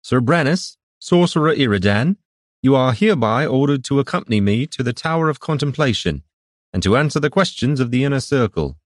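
A man's voice: medium pitch, expressive, fairly quick, dry recording, clean studio sound, voice pushed up, natural voice. A man voicing a fussy, pinched male herald who speaks in prim, officious proclamations.

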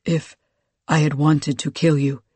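A narrator voicing blunt, formal fighter Karoosh. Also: male voice, on the high side, flat delivery, a little slow, a little mellow, slightly rough, dry recording. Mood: flat, formal.

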